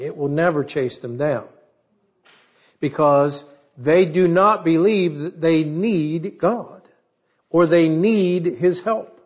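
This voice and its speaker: A man's voice: on the high side, muffled recording. A man preaching a sermon in a conversational way, asking his congregation questions. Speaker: pastor.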